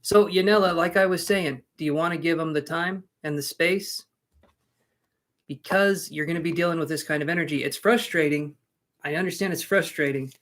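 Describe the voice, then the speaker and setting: A man's voice: on the high side, normal speed, a bit bright. Chatty man giving live tarot readings. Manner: casual, chatty, joking asides to viewers. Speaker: tarot reader.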